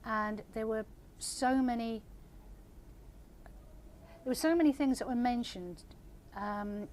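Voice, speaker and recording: Older woman author, measured. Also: a little high, a little mellow, a little hiss or hum. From England. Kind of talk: reading aloud then audience Q&A.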